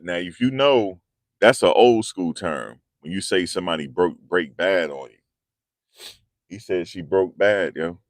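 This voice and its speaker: A low-voiced man hosts a commentary channel, recorded at studio quality with no room sound. His casual video talk is loose, full of slang, and repetitive.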